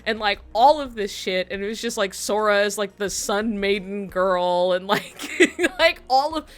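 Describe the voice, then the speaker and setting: A woman's voice: medium pitch, a little slow. A woman streamer telling a long story to her chat in a rambling way, laughing often and swearing freely.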